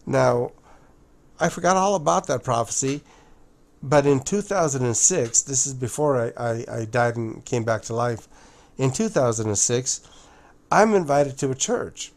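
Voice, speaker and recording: A man speaking in a casual monologue to his viewers, halting and often restarting or repeating words, calling his listeners "guys". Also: mid-range voice, a little mellow. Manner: addresses listeners directly as guys. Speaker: video presenter.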